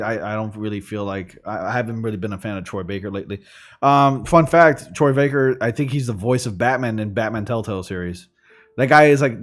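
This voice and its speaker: A man hosting a gaming livestream, chatting casually in a rambling way, full of fillers. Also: medium pitch. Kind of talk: casual chat while streaming. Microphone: studio condenser microphone.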